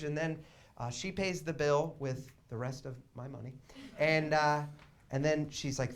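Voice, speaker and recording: A young man telling a long comic story on a theater stage, chatty and wry, shouting quoted lines for effect. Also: on the high side, moderate pace. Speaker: comedian. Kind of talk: live storytelling stand-up. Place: small theater stage with audience.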